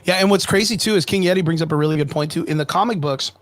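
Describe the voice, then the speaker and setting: Male podcast co-host, slightly high, dry close sound, loose profane rambling rant. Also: racing, a bit bright, no room sound. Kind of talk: casual chat.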